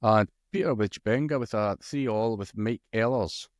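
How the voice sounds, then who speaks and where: A man's voice: lowish voice, moderate pace, no room sound, clean studio sound. Easygoing man co-hosting a darts chat. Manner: relaxed, chuckles often, reads out match results. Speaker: co-host of a darts podcast. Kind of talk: casual chat.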